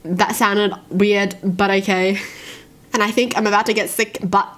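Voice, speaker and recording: A woman with a hoarse voice from a sore throat, chatting and giggling as she reads stories aloud and reacts to them. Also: mid-range voice, level tone, measured pace, fairly bright tone. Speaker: reaction video host. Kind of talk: casual reaction vlog, reading stories aloud.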